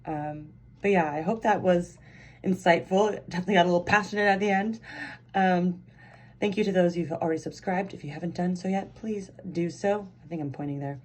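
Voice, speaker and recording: A woman giving a casual pick-a-card tarot reading, chatty and excitable, rambling with lots of fillers. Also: fairly low pitch, fairly quick. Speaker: tarot reader.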